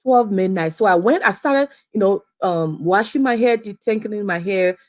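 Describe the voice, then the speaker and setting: A young adult woman from Liberia talks straight to her viewers in a relaxed, rambling vlog. She repeats phrases and keeps calling out to her audience. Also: medium pitch, moderate pace. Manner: chatty, repeats phrases, often addresses viewers as guys. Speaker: vlogger. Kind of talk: casual storytelling to camera.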